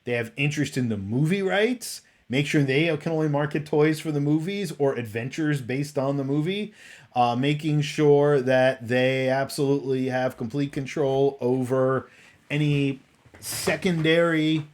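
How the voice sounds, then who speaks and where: A man's voice: a little high, measured pace, a little mellow. A man hosting a casual commentary stream, rambling and exasperated, often restarting his sentences. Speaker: host.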